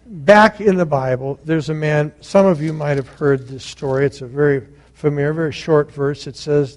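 A man's voice: on the high side, moderate pace, few pauses, a little mellow. A man preaching from a church stage into a microphone, telling stories and building to emphatic points. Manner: storytelling, emphatic build-ups. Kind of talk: sermon.

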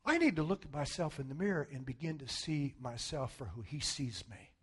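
A man preaching a sermon as pastor, acting out the voices of doubting people, swinging from shouts to near whispers. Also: fairly high pitch, very animated, fairly quick, breathy edge. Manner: dramatic, swings from shouting to hushed, acts out voices of congregants.

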